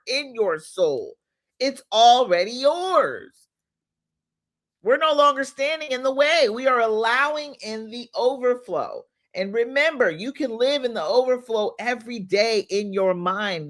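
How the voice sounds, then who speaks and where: Animated, bright-voiced woman leading affirmations. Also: medium pitch. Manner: animated call-and-response, drawn-out repeated affirmations. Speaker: livestream host leading affirmations. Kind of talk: motivational livestream talk.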